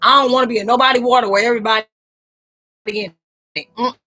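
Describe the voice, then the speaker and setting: A woman's voice: on the high side, fairly even intonation, fast talker, sharp tone, faint music behind. A woman hosting a live chat, joking around playfully and talking straight to her viewers in slangy, casual speech.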